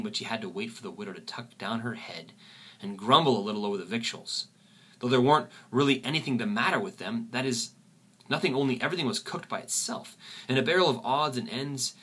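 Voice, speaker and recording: A man's voice: medium pitch, sharp tone, husky. A man reading aloud as a plainspoken young boy telling his own story in a folksy way.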